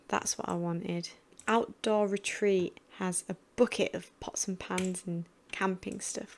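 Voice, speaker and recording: A woman's voice: mid-range voice, vocal fry. A woman chatting casually as she narrates building in a video game, thinking aloud about each choice. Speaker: gaming channel host.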